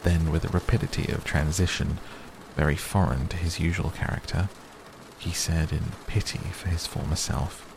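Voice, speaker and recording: A man narrating an audiobook as a calm, slow sleep-story reading. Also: extremely low pitch, vocal fry, background noise. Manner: slow and soothing. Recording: steady rain sounds behind.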